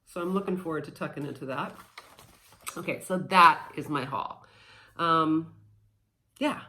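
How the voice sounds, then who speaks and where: Woman in her thirties, casual vlog chat, playful and scattered, lowish voice, echoey room. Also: a little slow, pushed and bright, a little hiss or hum. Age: 30s. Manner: scattered, playful, chatty with fillers. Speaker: cross-stitch vlogger. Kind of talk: casual chat showing a stitching haul.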